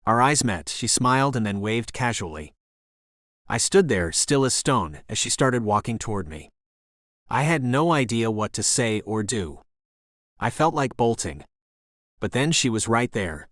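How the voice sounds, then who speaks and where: A man's voice: mid-range voice, sing-song, measured pace, fairly bright tone, no echo, clean studio sound. A man narrating a first-person romance audiobook in a wry, conversational way.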